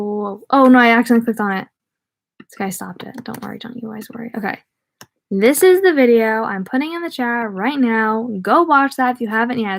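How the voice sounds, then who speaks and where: A woman's voice: on the high side, no echo. A young woman streaming a book reading, breaking off to chat with viewers in scattered asides. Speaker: read-aloud streamer.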